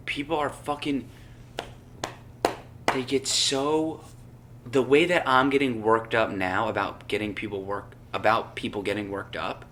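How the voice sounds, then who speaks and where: A young adult man rants on a casual podcast, cursing freely and getting fired up as he goes. His voice is bright and forceful, with a light hiss of background noise. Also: medium pitch. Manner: profane, ranting, gets worked up. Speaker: podcast co-host.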